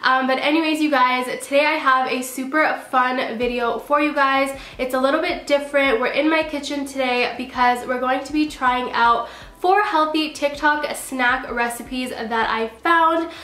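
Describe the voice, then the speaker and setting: A woman's voice: high voice, sharp tone. A woman hosting a casual cooking vlog in her home kitchen, chatty and upbeat, her voice nasal and stuffy from a cold. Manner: chatty and upbeat, with frequent fillers. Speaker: cooking channel host. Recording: echoey kitchen.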